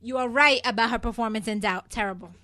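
Brief: high-pitched woman podcast co-host, bright tone, blunt animated banter. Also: fast. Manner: blunt, animated, laughs often. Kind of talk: casual chat.

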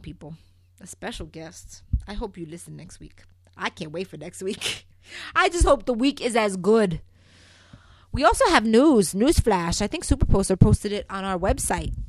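A chatty woman hosts a solo soap-opera recap podcast, talking straight to her listeners and calling them "people." She swings between loud, emphatic bursts and quiet asides. Her voice sits in a middle range and sounds dry and close. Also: medium pitch, no room sound. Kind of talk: casual solo recap show.

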